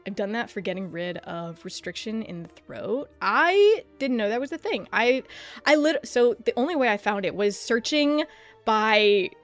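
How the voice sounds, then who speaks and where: A woman streamer chatting casually and rambling about practicing a deeper voice, self-deprecating and swearing freely. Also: lively intonation, normal speed, soft background music. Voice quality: slight lisp-like clicking from a tongue piercing. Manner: experimenting with pitching her voice deeper. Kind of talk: casual livestream chat.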